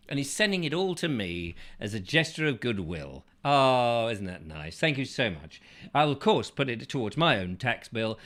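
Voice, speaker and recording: A man's voice: on the high side, sharp tone. A man hosting a chat show, rambling through a whimsical, absurd comic monologue full of silly asides.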